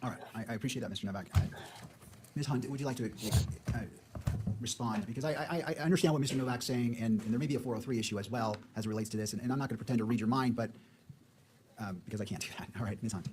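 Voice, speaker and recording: A male judge speaking politely and deliberately in a courtroom, heard from a courtroom feed. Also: mid-range voice, noisy background. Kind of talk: courtroom proceedings.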